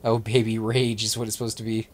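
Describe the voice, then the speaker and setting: A man's voice: on the low side, completely flat delivery, fast talker. A man with a Texan accent, chatting casually with friends while streaming an online game, rambling and restarting his sentences. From Texas. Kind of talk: casual gaming chat.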